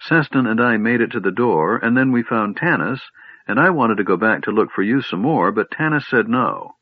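Guy doing an excitable little kender rattling off a story, lively and husky, phone-like sound. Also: on the low side, normal speed, no echo. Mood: eager. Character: eager, chatty small male kender adventurer. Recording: tinny phone-like line, dry.

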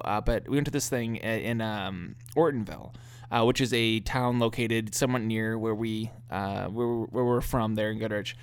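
A man's voice: mid-range voice, no echo. A young man hosting a podcast, telling a story casually, often laughing and swearing as he talks. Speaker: podcast host.

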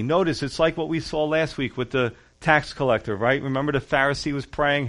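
A man's voice: mid-range voice, fairly even intonation, brisk, fairly bright tone. A man preaching a sermon as pastor, reading scripture and explaining it in an earnest, conversational way, stressing key words.

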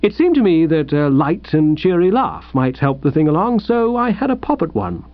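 A man reading a first-person comic story aloud in a wry, lively storytelling manner. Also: on the high side, normal speed, no echo, lo-fi sound. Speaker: audiobook narrator.

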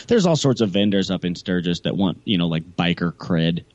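Guy rambling thru a story on a podcast, pitch bouncing all over, kinda dull lo-fi sound. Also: lively intonation, moderate pace, a little mellow. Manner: rambling storyteller, lots of fillers. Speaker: podcast co-host. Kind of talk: casual chat.

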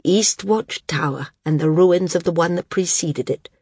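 A woman's voice: fairly low pitch, normal speed, warm tone, slightly rough, no echo. A woman voicing a bedridden old woman, a former flyer and teacher, who talks in a wry, reminiscing way.

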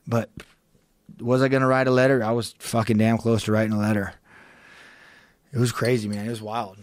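A man with a medium, fairly flat voice talks rather quickly in a dry, roomless recording, swearing as he tells a tense story. He's an adult with a young child, appearing as a guest on a long-form podcast, and he sounds urgent and emphatic, his voice jumping sharply at the peaks.

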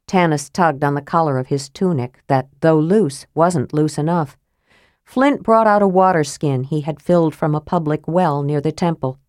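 A woman narrating a fantasy novel in a steady, even reading voice. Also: low voice, moderate pace, dry recording, clean studio sound. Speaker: audiobook narrator.

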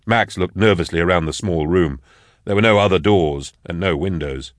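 A man reading a dark novel aloud as an audiobook narrator, measured and even. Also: sits low, no room sound, studio quality. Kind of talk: scripted narration.

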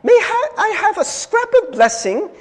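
A man's voice: very animated, moderate pace, in a large hall. A man voicing a ragged Dickensian beggar boy in a put-on British accent, whining and begging. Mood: pleading. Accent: put-on old-fashioned British. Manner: whining, begging, breaking high.

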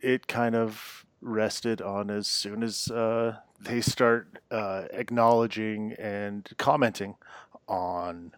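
A man's voice: on the low side, fairly even intonation, takes it slowly, dry recording. A man co-hosting a casual chat podcast, hesitant with many fillers and dry humor. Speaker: podcast co-host.

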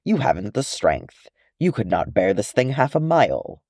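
A burly, proud dwarf, as a man plays him, gruff and blustering. Low and dark, with a close, dry sound. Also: sing-song, moderate pace, dry recording. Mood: angry. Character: burly male dwarf, hot-tempered and proud.

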